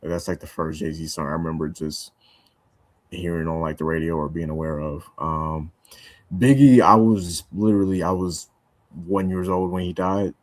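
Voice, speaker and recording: A young man with a very low voice talks loosely in a dry, close recording. He rambles through his thoughts with plenty of fillers and restarts, in an easygoing podcast chat. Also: fairly even intonation, normal speed, dry recording. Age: young adult. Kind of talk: casual chat.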